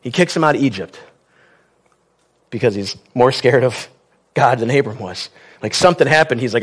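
A man's voice: mid-range voice, animated, normal speed, pauses often, breathy edge. A man preaching a sermon in a conversational style, with wry asides and questions to the congregation.

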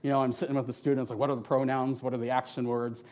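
Speaking very fast in a mid-range voice, a man preaches a sermon with slides in a church, holding a handheld mic. He talks conversationally, often ending sentences with "right?", and stays lively and animated, acting out the voices in his quotes.

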